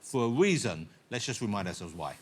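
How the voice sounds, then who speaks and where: A man's voice: on the low side, big pitch swings, a little fast, loud music behind the voice. A man hosting a talk show, asking playful, teasing questions and introducing guests. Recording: loud studio audience and noise.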